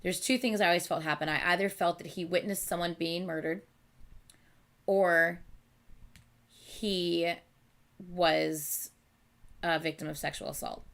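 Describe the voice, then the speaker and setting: Woman host, lowish voice, casual chatty reading and reacting at home. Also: a little slow, gravelly, pauses often. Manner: animated, chatty, thinking aloud with many okays. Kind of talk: casual live reading chat. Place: at home at night.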